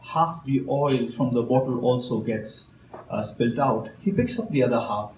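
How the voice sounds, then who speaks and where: A man gives a motivational talk in a lively storytelling way, leaning on slow, emphatic phrases. His voice sits at an ordinary middle pitch. The sound is roomy, as from an event hall, with faint noise underneath. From India. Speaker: motivational speaker. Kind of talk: storytelling speech to an audience.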